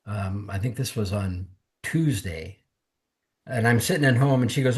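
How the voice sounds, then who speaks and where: A man's voice: medium pitch, normal speed. A man, a podcast guest, candidly telling his personal testimony in conversation and acting out what others said to him. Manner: earnest, candid storytelling that mimics others' words. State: emotional, close to tears.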